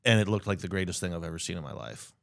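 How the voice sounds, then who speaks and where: A man's voice: low voice, racing, gravelly, a bit bright, no room sound, clean studio sound. Self-deprecating man, podcast guest. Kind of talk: casual chat.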